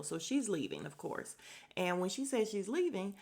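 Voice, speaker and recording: A woman hosting a podcast, giving a blunt, opinionated recap of a reality show, swearing freely and quickly acting out the cast's lines. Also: mid-range voice, very animated, a little mellow. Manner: acts out cast members' lines in quick asides. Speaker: podcast host.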